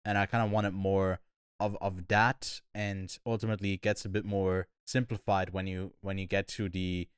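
Low, smooth-voiced man musing on films. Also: level tone, moderate pace, no echo, studio quality. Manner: thoughtful, hesitant, many ums. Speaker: podcast co-host. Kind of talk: casual film review chat.

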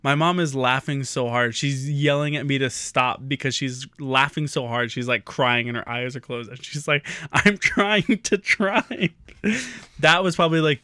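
Guy on a podcast swearing through a funny story, bright voice, totally dry sound. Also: medium pitch, no room sound. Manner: profane, animated storytelling with laughs. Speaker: podcast co-host. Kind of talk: casual storytelling chat.

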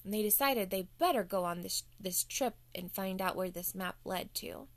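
A woman's voice: medium pitch, moderate pace, no echo. A woman telling a playful bedtime story to children as the show's host.

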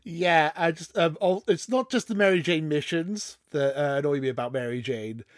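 A man's voice: on the high side, moderate pace, no echo, clean studio sound. A man guesting on a podcast, ranting casually and swearing a lot. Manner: exasperated ranting, swears often, laughs. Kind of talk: casual chat.

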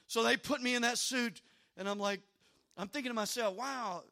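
A middle-aged man, a pastor preaching a sermon, telling a personal story in an animated way and often repeating his words. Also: very high voice, fairly quick.

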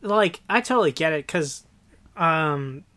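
Casual co-host, male, high register, rambling delivery. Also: animated, measured pace, bright, forceful tone. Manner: rambling, filler-heavy, restarts. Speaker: podcast co-host. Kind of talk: casual chat.

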